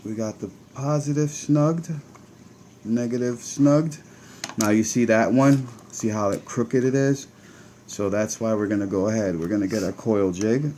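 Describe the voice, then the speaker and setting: A man with a Connecticut accent chats his way through a hands-on demo, talking straight to his viewers as he works. His voice sits on the low side. A faint hiss runs under the recording. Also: a little slow, warm tone. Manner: chatty, talks to viewers while working. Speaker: vape channel host.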